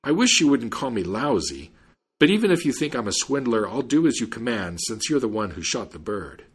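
A man voicing a whining old male peddler in a high, pleading voice. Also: big pitch swings, a little fast, slightly rough.

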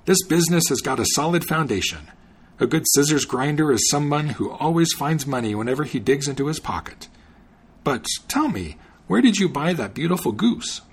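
A man's voice: on the high side, very animated, moderate pace, breathy edge, full character voice. A man reading the part of a shrewd male tradesman who talks in a coaxing, salesman-like way. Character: smooth-talking male tradesman, shrewd and persuasive.

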